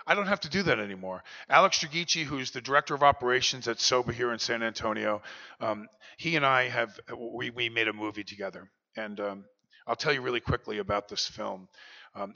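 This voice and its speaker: Brief: confessional keynote speaker, man, bright edgy voice, reverberant hall. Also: mid-range voice, gravelly. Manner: earnest, confessional storyteller. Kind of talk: personal recovery talk. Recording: dull lo-fi recording, long hall reverb.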